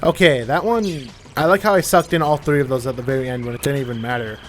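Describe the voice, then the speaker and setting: A man's voice: medium pitch, quick pace, a little hiss or hum. A young man giving casual, rambling commentary while playing a video game, often correcting himself mid-sentence. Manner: rambling, self-correcting, chatty. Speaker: gameplay commentator. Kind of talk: casual let's-play commentary.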